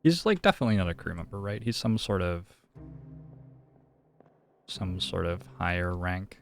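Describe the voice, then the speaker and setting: A man's voice: low-pitched, big pitch swings, moderate pace, creaky, over music. A young man streaming a detective game, musing and thinking aloud in casual commentary.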